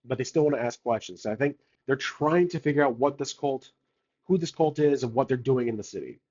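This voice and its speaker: A man's voice: medium pitch, brisk, darkish tone, dull audio. A man narrating his solo tabletop game, thinking aloud, rambling with many fillers and restarts.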